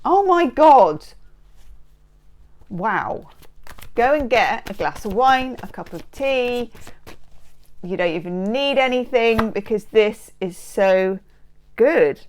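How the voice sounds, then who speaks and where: A woman giving a tarot card reading to camera, bubbly, playful and full of exclamations, speaking into a close microphone. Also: medium pitch. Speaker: tarot reader.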